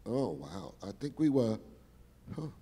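An older man telling showbiz stories on stage, animated and exclamatory, repeating words for emphasis. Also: on the low side, measured pace, breathy edge, in a large hall. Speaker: guest performer telling stories. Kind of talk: animated storytelling interview. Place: stage in a large hall.

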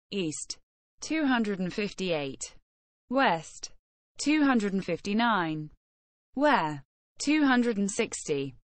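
Female lesson reader: very slow, precise enunciation, dry close recording. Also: medium pitch, dry recording. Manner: measured, carefully enunciated phrase-by-phrase reading. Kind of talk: reading numbered practice phrases.

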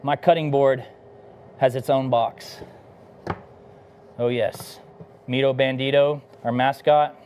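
A man's voice: medium pitch, fairly even intonation, takes it slowly, long pauses, background noise. A middle-aged man from Texas, a barbecue pitmaster chatting casually between bites while hosting a live cooking demo. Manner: laid-back and enthusiastic, talking between bites.

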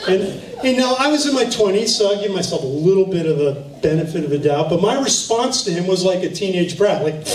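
A man with a high voice preaches a sermon in a church, telling personal stories with laughter. The sound is roomy and echoey, caught from a distance with faint noise behind. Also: quick pace. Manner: storytelling, animated, with laughs. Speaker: pastor. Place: church sanctuary.

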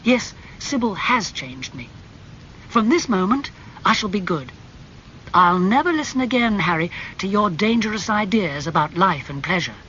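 A man reading aloud, voicing a proud young gentleman who speaks hard and coldly in a storybook. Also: sits high, expressive, normal speed. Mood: happy. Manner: raised, hard and cold delivery. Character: handsome young gentleman, proud and turning cold. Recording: slightly muffled with faint hum.

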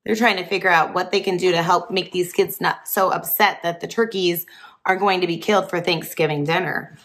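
A woman's voice: lowish voice, fairly even intonation, brisk, fairly bright tone. A woman teacher reading a picture book aloud to children, chatty and asking the listeners questions as she goes. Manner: chatty, asks listeners questions, laughs often.

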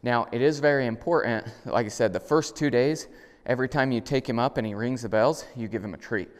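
A middle-aged man, a dog trainer, explaining step by step how to train a dog, now and then praising the dog in a higher voice. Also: brisk. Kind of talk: instructional demonstration. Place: indoors at a home, moving outside. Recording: reverberant room sound.

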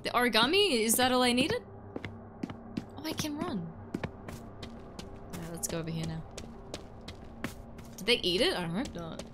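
A woman's voice: a little high, animated, normal speed, pauses often, loud music behind the voice. Chatty woman streaming a horror game. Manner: chatty, joking, reads out chat, yawning. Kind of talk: casual live-stream chat while gaming.

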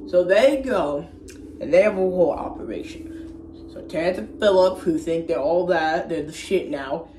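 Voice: mid-range voice, normal speed, a little mellow, roomy sound, soft background music. A vlogger giving a rambling, casual movie recap, often second-guessing the plot order and using slang. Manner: rambling, unsure of itself, slangy.

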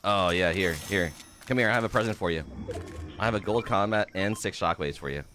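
A man's voice: low-pitched, a little fast, sharp tone, a little hiss or hum. A man streaming a game live, swearing freely and greeting his chat by name.

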